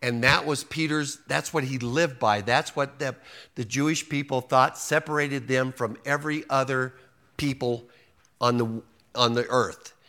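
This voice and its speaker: A man's voice: mid-range voice, steady tone, measured pace, sharp tone. A man preaching a sermon to a congregation, folksy and joking, acting out quotes and often restarting his sentences. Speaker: pastor.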